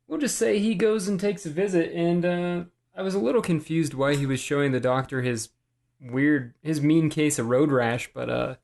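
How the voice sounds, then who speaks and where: A man's voice: fairly high pitch, moderate pace, gravelly, a little mellow. A man co-hosting a casual podcast chat, laid-back and joking, asking questions as he recaps. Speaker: podcast co-host.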